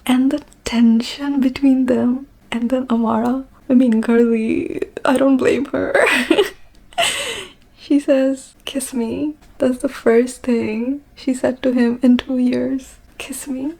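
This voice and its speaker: A young woman from Bangladesh gushes through a book recap, with giggles and hushed asides. Her voice is gravelly and low in brightness, with a mellow, warm tone. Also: slow. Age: young adult. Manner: gushing, animated retelling with giggles and whispered asides. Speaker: book vlogger.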